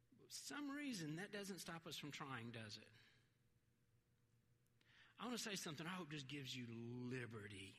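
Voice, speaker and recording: Pastor guy preaching, high bright voice, chatty and earnest, big hall echo. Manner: conversational, earnest, breaks into quoted voices and light laughs. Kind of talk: sermon.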